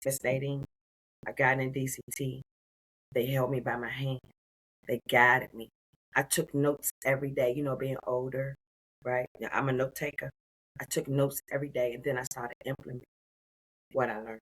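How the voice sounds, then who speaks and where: A woman in her sixties telling her story as an interview guest, expressive and calling the listener "honey.". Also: extremely low pitch, normal speed, pauses often, husky, poor audio. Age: 60s. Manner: expressive, warm endearments like "honey". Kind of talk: animated personal storytelling.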